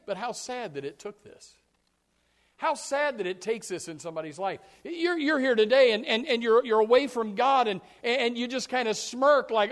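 A man with a high-pitched voice delivers a sermon as pastor. He swings from loud, animated quoted voices to low, quiet emphasis, with frequent restarts and repeated words. The delivery stays expressive and full of contrast throughout. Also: moderate pace, long reverb tail.

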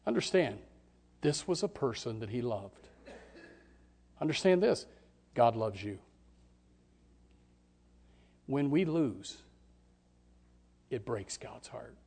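Brief: male pastor, mid-pitched, impassioned sermon delivery with sharp shifts in volume. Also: expressive, takes it slowly, gravelly, long pauses, breathy edge. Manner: dramatic, swings from hushed to shouting, acts out voices.

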